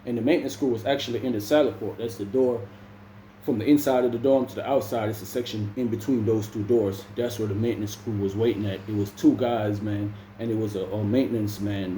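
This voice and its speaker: A man's voice: mid-range voice, dark tone, slight background noise. A man from Jamaica casually telling a prison story in slangy talk, calling the listener "bro" again and again. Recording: echoey room with faint ambience.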